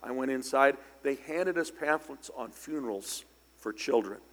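An older man preaching a storytelling sermon, speaking conversationally with sudden loud, emphatic bursts. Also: medium pitch, moderate pace. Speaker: pastor. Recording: long church hall reverb.

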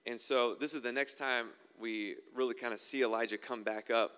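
A man's voice: mid-range voice, fairly even intonation, moderate pace, fairly bright tone, clear, resonant tone, big-room sound. A man preaching a sermon and reading scripture aloud, conversational with wry asides.

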